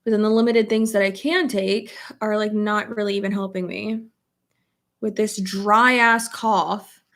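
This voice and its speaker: A woman's voice: medium pitch, flat delivery, unhurried, fairly bright tone. A young woman vlogger with a stuffy nose from a cold, chatting bluntly and swearing freely while doing her makeup at home. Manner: chatty and blunt, swears freely, reads viewer comments aloud. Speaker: beauty vlogger. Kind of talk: casual get-ready-with-me chat while doing makeup.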